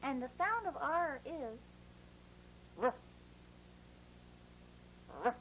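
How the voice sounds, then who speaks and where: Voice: very high voice, lively intonation, a little slow, fairly bright tone, a little hiss or hum, heavily acted, low-quality recording. A performer voicing a cheerful puppet boy who teaches children to write letters in a bouncy, encouraging, sing-song way. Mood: cheery. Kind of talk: playful kids' lesson.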